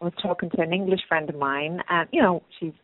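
A woman's voice: fairly low pitch, fast talker, no echo. An Irish woman chatting hesitantly, with many fillers and frequent laughs. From Ireland. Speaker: guest. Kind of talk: casual chat. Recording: phone-line sound.

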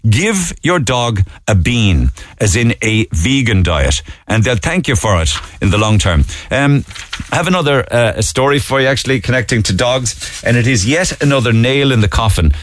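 Lively, wry Cork radio host. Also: male voice, fairly low pitch, dry recording, clean studio sound. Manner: wry, chatty, with joking asides. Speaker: radio talk show host. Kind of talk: casual radio chat about news stories. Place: radio studio.

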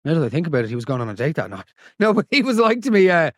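An Irish man hosting a comedy podcast, talking in animated, incredulous and profane banter. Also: fairly high pitch, rapid-fire, no echo, clean studio sound. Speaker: podcast host. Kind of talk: casual comedic monologue.

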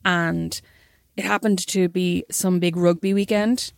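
A woman's voice: on the low side, fairly even intonation, measured pace, gravelly, no room sound, clean studio sound. A young Irish woman, a podcast co-host, telling a story in casual chat and acting out the quotes.

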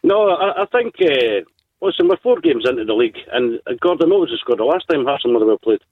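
A man's voice: mid-range voice, very animated, fast, no room sound. Caller guy, stumbles and hesitates, thin phone-line sound. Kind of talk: phone-in call.

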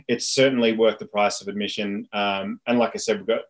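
A man's voice: fairly low pitch, steady tone, a little fast. A young man, an actor guest in a casual interview, talking in a laid-back, chatty way with plenty of fillers.

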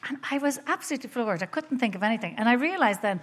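A woman's voice: fairly high pitch, expressive, racing, breathy edge. A middle-aged Irish woman comedian chatting as a guest, telling wry stories and laughing through them. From Ireland. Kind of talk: casual chat with storytelling.

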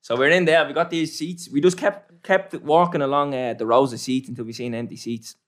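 A man's voice: mid-range voice, fairly even intonation, brisk, a bit bright. A young Irish man telling a brash, slangy story in casual chat.

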